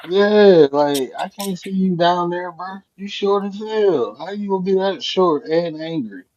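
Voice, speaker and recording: A man hosting a casual live chat, telling a profane, animated story. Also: high voice, a little slow. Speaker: host. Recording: dull lo-fi stream audio.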